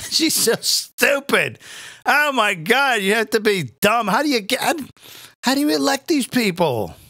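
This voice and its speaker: Crude, sarcastic comedian ranting. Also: male voice, very high-pitched, sing-song, a little slow, sharp tone, dry recording, studio quality. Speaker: comedian host. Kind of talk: live comedic rant.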